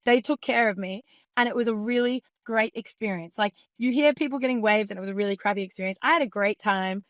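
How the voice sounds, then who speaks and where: A woman's voice: mid-range voice, fast talker, fairly bright tone, no echo. A young Australian woman, a pro basketball player, casually telling a story and filling her talk with "like". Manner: chatty, peppered with "like", acts out quotes. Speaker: professional basketball player guest.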